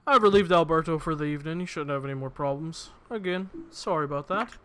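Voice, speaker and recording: A man's voice: on the high side, quick pace, fairly bright tone, smooth, dry recording, lightly acted. Man voicing a polite female innkeeper. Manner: courteous, apologetic hospitality.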